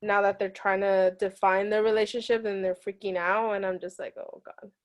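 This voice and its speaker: Lively woman in a book club chat, laughs a lot, acts stuff out, mid-pitch voice. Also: fairly quick. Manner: animated, laughs often, acts out quotes. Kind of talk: casual book discussion.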